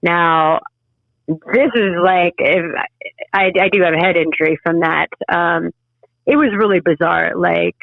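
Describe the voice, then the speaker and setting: A woman guest telling her story in an interview, halting and emotional with frequent restarts. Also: fairly low pitch, steady tone, creaky, no echo. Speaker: podcast guest. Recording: tinny phone-line sound.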